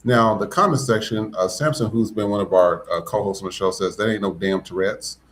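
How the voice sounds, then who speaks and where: A man's voice: fairly low pitch, fairly quick, a bit bright, a little hiss or hum. A man hosting a podcast, giving blunt, profane, emphatic commentary. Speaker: podcast host. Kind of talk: casual commentary.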